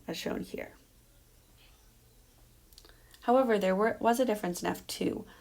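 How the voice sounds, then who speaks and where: A woman presenting her dissertation defense in a measured, explanatory academic style, walking through results on slides with an occasional um. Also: mid-range voice, vocal fry.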